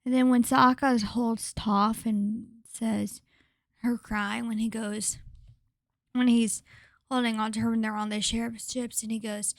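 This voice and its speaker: A woman vlogger with a slightly high voice, recorded close and dry with no room sound. She gushes in a casual, rambling way, full of fillers and restarts, often slipping into a breathy whisper. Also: level tone, unhurried, dry recording. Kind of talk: casual vlog commentary.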